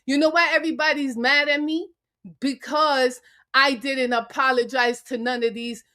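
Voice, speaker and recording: A woman's voice: high-pitched, fairly even intonation, normal speed, bright, forceful tone. A woman guest on a live-stream panel, angrily ranting at her critics with cursing and repeated taunting challenges. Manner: angry, confrontational, cursing. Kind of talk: heated live-stream rant. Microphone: remote call into a live stream.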